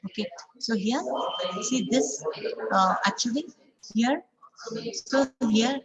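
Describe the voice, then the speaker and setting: A woman's voice: fairly high pitch, slow, long pauses, a crowd in the background, poor audio. Woman teacher drilling stress patterns. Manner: explains step by step, repeating 'okay, so' and drilling example sentences aloud. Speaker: English teacher. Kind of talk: online class lecture.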